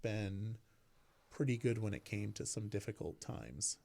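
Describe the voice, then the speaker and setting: Man from vermont, mellow voice, halting, co-host, local politics chat. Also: on the low side, lively intonation, creaky. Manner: halting, restarts, frequent fillers. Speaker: local podcast co-host, city councilor.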